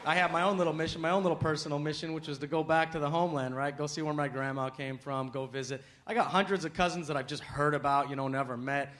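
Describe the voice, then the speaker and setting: A man from the United States performing a stand-up comedy set, with punchy delivery that climbs to shouts on punchlines, recorded live on a handheld mic. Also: fairly high pitch, steady tone, quick pace, few pauses, a little hiss or hum. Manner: punchy, acts out voices and rises to shouting on punchlines. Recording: live club, loud crowd and laughter.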